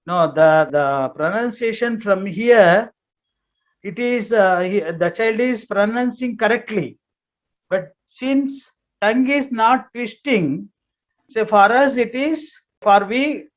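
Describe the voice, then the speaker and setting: High-voiced man, slow, dull recording. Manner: explains slowly and plainly, repeating words for emphasis. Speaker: speaker on parenting and child education. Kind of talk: informal talk to parents.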